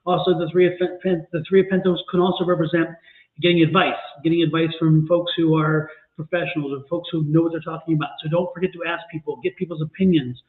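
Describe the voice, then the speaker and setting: A man's voice: on the high side, little pitch movement, fast. A man giving a tarot reading on a livestream, joking and explaining the cards in a rambling way. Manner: jokey, rambling card explanations. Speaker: tarot reader. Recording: tinny phone-like line with echo.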